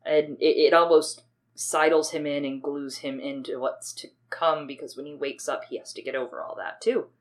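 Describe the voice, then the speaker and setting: Chatty, profane woman podcaster, low voice. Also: fairly even intonation, normal speed. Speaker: podcast co-host. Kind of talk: casual chat.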